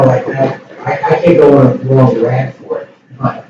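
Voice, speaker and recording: A man's voice: medium pitch, level tone, a little slow, dark tone, highs cut off, slight background noise. An American man hosting a cooking livestream, chatting casually and rambling with lots of fillers. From United States. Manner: rambling, many "like" fillers, playful accent imitations. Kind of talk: casual chat.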